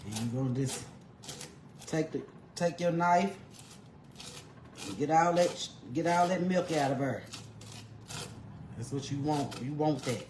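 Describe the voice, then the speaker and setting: A woman's voice: deep voice, expressive, a little slow, pauses often, darkish tone, roomy sound, slight background noise. A woman demonstrating home cooking, folksy and chatty, calling the viewer honey and laughing often. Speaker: home cook vlogger. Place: home kitchen.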